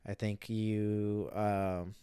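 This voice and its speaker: A man's voice: on the low side, little pitch movement, extremely slow, mellow, smooth, no echo. A young man co-hosting a podcast, telling rambling stories in casual chat, full of fillers, on a close dry mic. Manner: rambling storyteller, filler-heavy. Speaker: podcast co-host.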